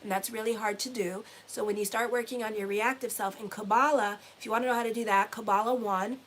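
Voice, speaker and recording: A woman's voice: medium pitch, steady tone, quick pace, fairly bright tone, slight background noise. A middle-aged woman astrologer talking casually to her viewers, blunt and swearing freely, repeating phrases for emphasis. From Haitian heritage. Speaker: astrologer and tarot reader. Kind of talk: casual motivational talk to viewers.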